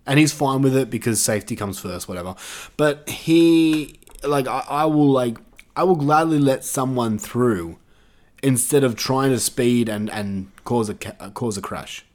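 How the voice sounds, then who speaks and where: A man's voice: mid-range voice, unhurried, darkish tone. A young Australian man chatting casually on a podcast, rambling with lots of fillers, swearing and laughing often. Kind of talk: casual chat.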